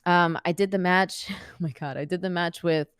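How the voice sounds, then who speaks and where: A woman in her thirties, a podcast guest, telling a story in a lively, casual way, laughing often and using many fillers. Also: fairly low pitch, normal speed, smooth, no room sound, clean studio sound. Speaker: podcast guest, wrestler and actor.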